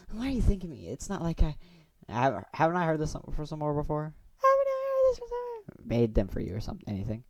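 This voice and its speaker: A man voicing a bossy, defensive teenage girl in a game, huffy and a bit squeaky. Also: huge pitch swings, fairly quick, dry recording, full character voice. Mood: flustered. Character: bossy tsundere teen girl baker.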